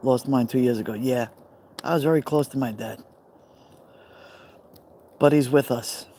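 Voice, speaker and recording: A man's voice: mid-range voice, fairly even intonation, a little slow, a little hiss or hum. A man from New York with a New York accent, hosting a casual live chat by a fire pit and answering viewers in a reflective, friendly way. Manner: warm, reflective, responds to viewers by name. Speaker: livestream host.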